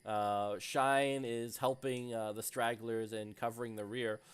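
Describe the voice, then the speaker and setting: A man running a tabletop game as game master, narrating in a halting way with many fillers. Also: mid-range voice, level tone, smooth.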